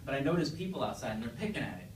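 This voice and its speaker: A man's voice: medium pitch, big pitch swings, very fast. A male stand-up comedian talking to the crowd on a club stage in a loose, conversational way and throwing questions at the audience. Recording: echoey room, distant mic, faint noise.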